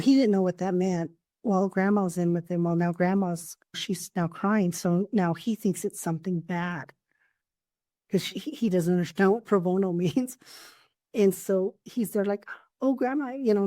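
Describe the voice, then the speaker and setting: A woman's voice: mid-range voice, steady tone, moderate pace, no room sound. A woman coach and therapist telling heartfelt stories in an earnest, conversational way on a podcast. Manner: earnest storytelling, warm anecdotes. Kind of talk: casual podcast chat.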